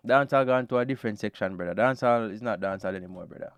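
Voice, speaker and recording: A man with a Jamaican accent hosting a music reaction podcast, giving a casual, animated review and calling the listener brother. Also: lowish voice, racing, very noisy.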